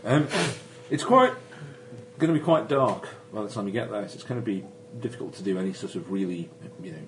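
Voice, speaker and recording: A man's voice: lowish voice, animated, quick pace, darkish tone. A man running a tabletop game as game master, describing scenes with many ums and restarts. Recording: noisy recording.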